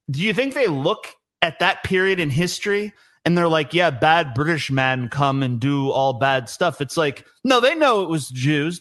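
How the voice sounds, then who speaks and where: Guy on a podcast, kinda high voice, rambly and animated, pitch all over the place. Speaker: podcast speaker. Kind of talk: casual podcast discussion.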